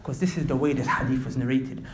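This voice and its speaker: A man's voice: mid-range voice, steady tone, fast talker, roomy sound. A man preaching an impassioned street sermon, talking straight to the young men listening as brothers and slipping into slang. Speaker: Islamic preacher.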